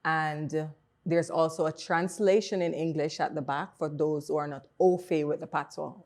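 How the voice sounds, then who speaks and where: A woman's voice: sits low, fairly even intonation, moderate pace, a little mellow. A woman from Jamaica with a Jamaican accent, a poet explaining her work in a casual interview. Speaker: poet guest.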